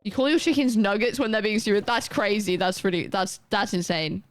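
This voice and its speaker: A woman's voice: medium pitch, no room sound. Young woman rambling on her stream, close dry mic, chatty and self-mocking. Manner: rambling, chatty, self-deprecating, quick asides. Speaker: live streamer. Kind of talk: casual chat while gaming.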